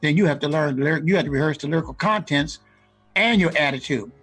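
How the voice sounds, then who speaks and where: A man co-hosting a casual radio show, giving animated advice to recording artists. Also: on the high side, quick pace, soft background music. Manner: animated, acts out rap lines and ad-libs. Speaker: co-host giving music industry advice.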